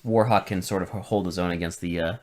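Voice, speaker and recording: A man co-hosting a podcast in casual chat, animated and finishing his co-host's sentences. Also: sits low, fast. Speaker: podcast co-host.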